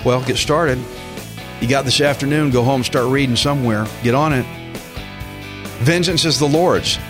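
A man preaching a radio sermon in an animated way, acting out quotes with big jumps in his voice. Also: medium pitch, moderate pace, long pauses, music in the background. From Texas. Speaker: pastor.

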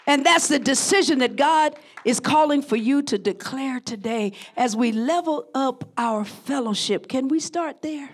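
A middle-aged woman pastor preaching a sermon, swinging between shouted, impassioned declarations and soft, low passages. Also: a little slow. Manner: drops to a soft, low, intimate tone.

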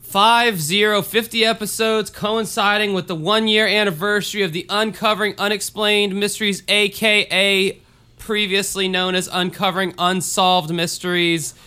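A man's voice: high-pitched, little pitch movement, moderate pace, bright, forceful tone, clear, resonant tone. A man hosting a podcast in a joking, rambling, self-mocking way. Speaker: podcast host. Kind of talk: casual podcast chat.

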